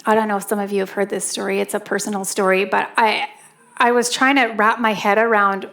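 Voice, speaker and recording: A woman's voice: medium pitch, flat delivery, brisk, creaky, fairly bright tone. A middle-aged woman from Canada preaching in a church on a handheld microphone, telling a personal story and acting out her gasps and wailing. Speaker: pastor.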